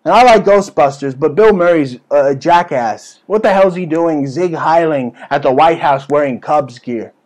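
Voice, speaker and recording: A man's voice: fairly high pitch, moderate pace, few pauses, a little mellow. A man hosting a comedy show with a brash, crude, ranting delivery. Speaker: host. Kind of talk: comedic political rant.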